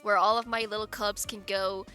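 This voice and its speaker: A woman's voice: mid-range voice, flat delivery, normal speed, sharp tone, faint music behind. A woman streamer chatting casually on a live stream, giggling often and rambling with many restarts.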